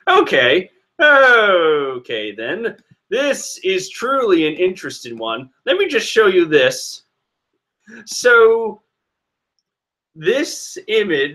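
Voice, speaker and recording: A man casually reading and reacting to a comic chapter, animated and rambling with restarts. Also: a little high.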